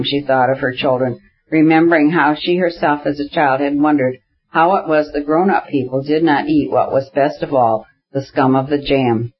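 A man narrating a novel in a steady, measured reading. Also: medium pitch, slightly rough, lo-fi sound. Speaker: audiobook narrator. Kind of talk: scripted narration.

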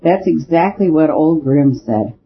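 A man's voice: fairly high pitch, animated, measured pace, breathy edge, exaggerated voice. A man voicing the priest's blunt, gloomy friend, who explains things in a matter-of-fact way. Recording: dull lo-fi recording with faint hiss.

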